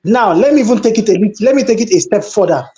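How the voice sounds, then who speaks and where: A man's voice: high voice, lively intonation, fast talker, warm tone. A man, debating football as a pundit and telling stories with emphatic exasperation. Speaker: sports pundit. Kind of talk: animated sports debate.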